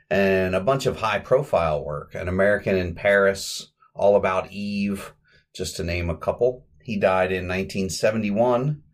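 Male podcast host with a lowish voice. Chatty, rambling recap delivery with self-corrections. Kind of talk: casual podcast film recap.

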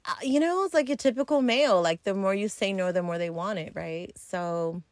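A woman's voice: medium pitch, fairly quick, dry recording, studio quality. A woman hosting a podcast, telling a story in a casual, blunt and profane way, with plenty of ums and likes. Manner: blunt, profane and chatty, with many fillers. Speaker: podcast host.

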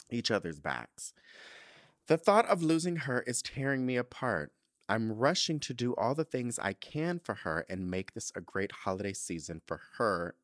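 A man's voice: fairly low pitch, a bit bright, no room sound, clean studio sound. A man hosting a podcast, reading out a listener letter and reacting with emotional, dramatic asides. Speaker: podcast host.

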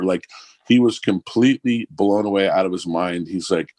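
Low, husky man, casual and profane, dry recording. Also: moderate pace, no echo. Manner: profane, animated anecdote-telling. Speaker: musician guest. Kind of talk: casual storytelling.

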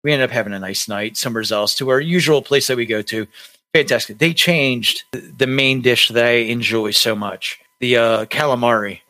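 Young guy on a podcast, rambles a story, likes and restarts everywhere, mid pitch. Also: moderate pace, bright, forceful tone. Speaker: podcast co-host.

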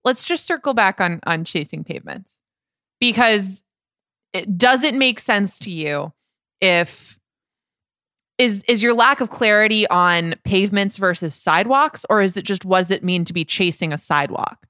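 A woman's voice: mid-range voice, normal speed, pushed and bright, dry recording, studio quality. A woman co-hosting a podcast in casual chat, joking and posing questions to her partner. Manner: chatty, joking, poses questions. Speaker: podcast co-host.

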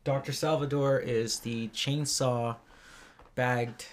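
Relaxed podcast co-host retelling a film. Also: mid-range voice, takes it slowly. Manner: relaxed, rambling storytelling. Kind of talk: casual chat.

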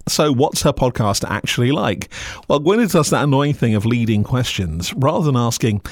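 A man's voice: medium pitch, lively intonation, normal speed, dry recording. A man reviewing podcasts in a scripted, sardonic way, full of dry asides.

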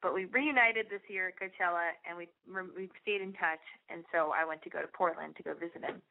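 A young adult woman hosting a podcast, telling a rambling personal story in a casual, animated, profane way. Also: fairly low pitch, a little fast, creaky. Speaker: podcast host. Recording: tinny phone-like sound.

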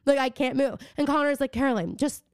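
A woman's voice: high voice, brisk, dry recording, clean studio sound. A woman in her twenties, a podcast co-host in casual chat, telling a story with a lot of energy and cursing freely. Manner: animated storytelling, swears freely.

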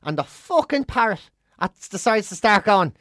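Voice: medium pitch, normal speed, no echo. Swearing podcaster, dry close mic. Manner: swears freely, tells animated stories. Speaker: podcast co-host. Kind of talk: casual chat and anecdote.

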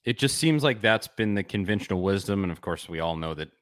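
A man's voice: sits low, lively intonation, fairly quick, a bit bright, no room sound, studio quality. A man hosting a sports podcast, chatting with enthusiasm and rambling a bit as he restarts his sentences. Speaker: podcast host. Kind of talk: casual sports chat.

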